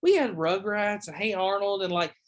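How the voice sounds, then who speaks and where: A man's voice: high voice, moderate pace. A young man chatting casually on a podcast, rambling with lots of fillers and swearing. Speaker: podcast host or guest. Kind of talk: casual chat.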